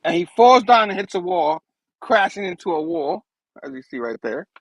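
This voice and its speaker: A man's voice: high voice, sing-song, normal speed, no echo, low-quality recording. A man hosting a show, casually retelling a comic book with laughs and rambling asides. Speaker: host.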